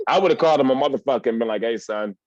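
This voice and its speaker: A man hosting a podcast in casual chat, laid-back and quick to agree. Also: medium pitch, darkish tone, no room sound. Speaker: podcast host. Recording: dull lo-fi dry podcast audio.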